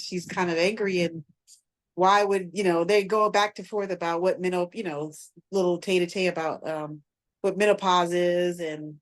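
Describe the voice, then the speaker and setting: A woman's voice: lowish voice, steady tone, moderate pace. A woman co-hosting a podcast, casually retelling a TV episode in a rambling way with lots of fillers and restarts. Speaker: podcast co-host. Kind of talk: casual recap chat.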